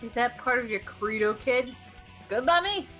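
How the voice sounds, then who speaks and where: A woman voicing a cool, tough older woman in a dating game, talking slow and deadpan, lowering her voice. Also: soft background music. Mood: cool, gruff. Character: tough cool adult woman, scooter-riding pigeon.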